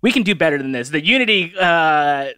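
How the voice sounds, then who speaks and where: A man's voice: fairly high pitch, lively intonation, brisk, sharp tone, clean tone, no echo, clean studio sound. A man chatting on a podcast as guest co-host, joking and laughing often over a remote call. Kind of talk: casual podcast chat.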